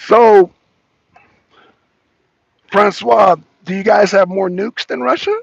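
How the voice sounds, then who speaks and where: Mocking male host, gravelly and husky. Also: high voice, slow pace, dry recording, dull audio. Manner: mocking, repeats himself for emphasis. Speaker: talk show host debating a guest. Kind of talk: casual live debate.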